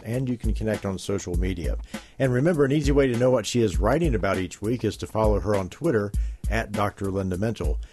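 A man's voice: lowish voice, a little mellow. A man co-hosting a talk show, reading promos and setting up topics in a friendly announcer manner. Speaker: co-host.

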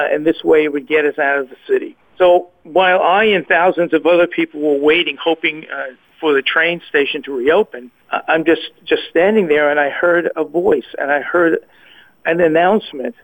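Man, slightly high voice, faith testimony, hesitant, repeats words, tinny phone line. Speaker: guest sharing a personal story. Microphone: phone call.

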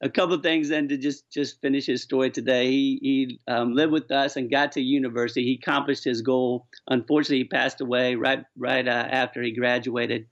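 A man's voice: medium pitch, flat delivery, a little fast, few pauses. A man telling stories earnestly and with animation as an author guest on a radio interview. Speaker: author and charity founder, guest. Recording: dull lo-fi sound.

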